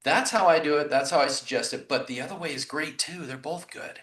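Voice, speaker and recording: A man's voice: a little high, a little fast, fairly bright tone, distant mic. A man teaching real estate agents in a conversational way on a video call, acting out what he and clients say. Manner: conversational, acts out client dialogue. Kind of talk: coaching talk on a video call. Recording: roomy echo, a little off the mic.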